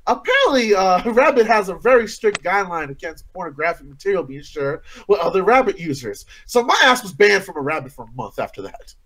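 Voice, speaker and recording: A man hosting a casual late-night chat show, talking excitedly and swearing as he tells stories. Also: high-pitched, a little fast, few pauses. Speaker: podcast host.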